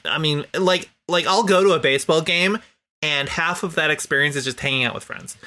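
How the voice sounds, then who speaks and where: A man co-hosting a podcast in casual chat, halting and playful as he recaps scenes. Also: a little high, bright, forceful tone. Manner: halting, many fillers and restarts, playful. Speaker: podcast co-host.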